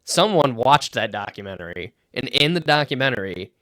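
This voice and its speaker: A man co-hosting a casual sports podcast at a middling pitch, recorded dry and close. He tells stories with energy, swears freely and acts out what others said in a louder, higher voice. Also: normal speed, dry recording. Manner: animated storyteller, swears freely, acts out quotes loudly. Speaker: podcast co-host.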